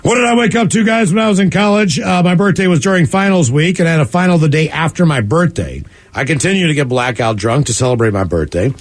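A man with a fairly high, lively voice hosts a comedy radio show, reading listener emails aloud. His pitch rises and falls a lot, and he talks in an easy, joking way. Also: fast talker, hardly any pauses. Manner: animated, jokey, shouts and sings now and then. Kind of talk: casual comedic radio chat.

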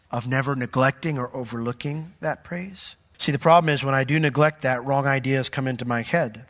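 A man preaching a sermon as pastor, in a conversational way with joking asides and sudden jumps in pitch. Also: fairly bright tone. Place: church sanctuary. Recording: long hall reverb.

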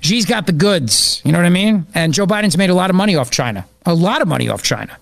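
A man's voice: high voice, expressive, fast, gravelly, fairly bright tone, a little hiss or hum. A man hosting a political talk radio show, riffing sarcastically on the news.

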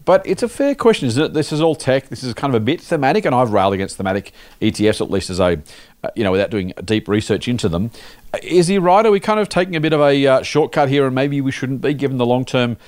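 Podcast host, man, chatty and jokey, animated delivery, dry studio sound. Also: mid-range voice, quick pace, dry recording. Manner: jokey, conversational, lots of fillers. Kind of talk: casual podcast chat reading listener mail.

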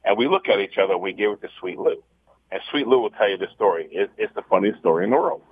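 A man, a guest on a radio talk show, telling a lively story and stumbling over repeated words as he restarts. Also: fairly low pitch, fast talker, slight background noise. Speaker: guest, former basketball showman. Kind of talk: storytelling, casual chat. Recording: dry tinny phone line.

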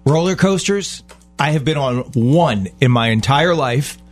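A man co-hosting a radio show, chatting in an easygoing way and chuckling often. His voice sits a bit high for a man, with faint music underneath. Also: expressive, measured pace. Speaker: co-host. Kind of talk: casual radio show chat.

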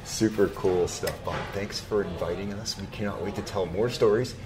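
A man's voice: lowish voice, fairly even intonation, normal speed, music in the background. A male co-host talking in an enthusiastic, laugh-filled way on a radio show, recorded in a busy store. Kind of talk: upbeat radio show chat. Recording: crowd chatter behind.

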